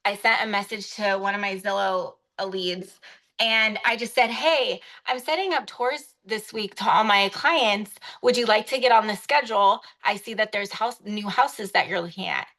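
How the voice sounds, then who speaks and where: Brief: female agent on a video call, chatty, lots of fillers, mid-pitch. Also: normal speed, fairly bright tone. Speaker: real estate agent on a coaching call. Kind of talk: casual chat.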